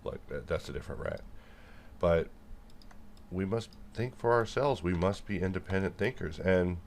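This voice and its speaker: Young guy with a low voice ranting and joking at the camera, all over the place. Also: moderate pace, a little hiss or hum. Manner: animated, jumps between jokes and rants, talks to viewers directly. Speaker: software developer and video creator. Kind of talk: rambling stream-of-consciousness monologue.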